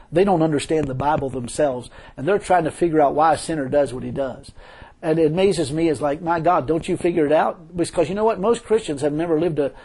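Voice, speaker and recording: A man's voice: a little high, a little mellow, slightly rough. A man preaching an informal sermon mixed with his own testimony, talking conversationally, repeating phrases and chuckling often.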